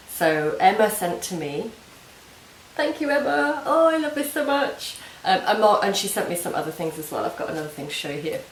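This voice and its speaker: Chatty woman in a roomy room. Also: lowish voice. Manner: chatty and gushing, many ums and restarts. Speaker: knitting podcast host. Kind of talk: casual video podcast chat. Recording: roomy home recording with faint hiss.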